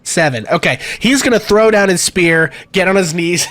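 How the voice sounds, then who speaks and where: A man running a tabletop game as game master, talking in a relaxed way with many fillers. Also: high-pitched, normal speed, hardly any pauses.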